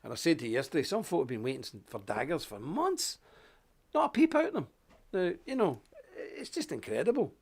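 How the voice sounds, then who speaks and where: A man presenting a live online show, talking in an animated, folksy rant while unwell with a stuffy nose. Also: fairly high pitch, a little fast, creaky, slightly rough. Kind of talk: live broadcast chat and rant.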